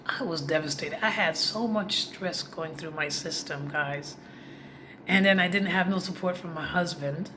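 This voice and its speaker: A woman's voice: fairly low pitch, moderate pace. A woman vlogger telling a personal story in a heartfelt, confiding way, speaking directly to her viewers. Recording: noisy background.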